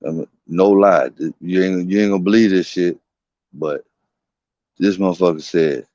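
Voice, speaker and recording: A man's voice: low voice, moderate pace, darkish tone, no echo. A man streaming from home, telling a long, rambling story in casual, slangy, profane talk. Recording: dull, dry lo-fi stream audio.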